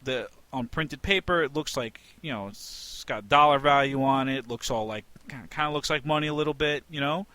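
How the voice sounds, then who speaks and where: A man's voice: medium pitch, a little fast, hardly any pauses, bright, forceful tone, clear, resonant tone, no echo. A man co-hosting a casual podcast, talking emphatically, swearing freely and restarting his sentences. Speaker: podcast co-host. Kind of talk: casual banter.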